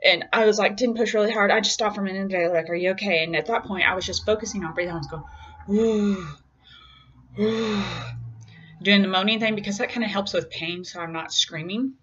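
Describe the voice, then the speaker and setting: A young woman casually telling the story of her son's birth, chatty and candid, acting out other people's lines with big leaps in pitch. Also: fast, few pauses, a bit bright, lo-fi sound, slight background noise. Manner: candid and self-deprecating.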